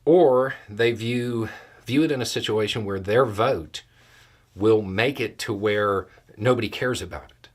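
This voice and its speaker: A man as a guest analyst, explaining political outcomes in a steady, measured way. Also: on the low side.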